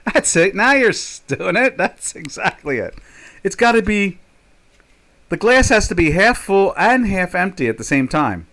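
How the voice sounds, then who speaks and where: A man's voice: high voice, sing-song, unhurried, bright, forceful tone. Older man, rambling live-stream talk, jokey, lots of fillers. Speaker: trader hosting a live chat.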